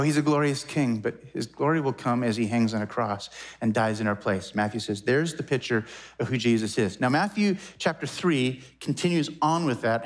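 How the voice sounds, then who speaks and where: A man in his forties preaching a sermon as a pastor, animated and conversational, with quick asides and self-corrections. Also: medium pitch. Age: 40s.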